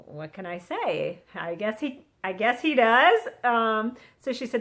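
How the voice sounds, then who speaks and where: A middle-aged woman speaking in a casual devotional vlog, her voice sitting a little high. She talks in a chatty, earnest way and recorded herself on a phone held on a selfie stick. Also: big pitch swings, a little slow, a bit bright. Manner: chatty, earnest, acts out quotes. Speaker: vlogger sharing a devotional. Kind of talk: casual Christian encouragement vlog.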